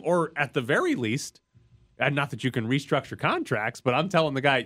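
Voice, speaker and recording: A man co-hosting a casual sports talk show, getting animated and sharply rising in pitch when he makes a point. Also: fairly quick, no room sound, clean studio sound. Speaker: sports podcast co-host.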